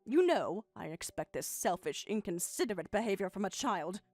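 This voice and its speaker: A woman's voice: medium pitch, sing-song, moderate pace, a little mellow, dry recording, faint music behind, voice pushed down. A woman voicing a bitter, hurt middle-aged mother in a dramatized text-story reading, speaking in a cold, sarcastic, clipped way.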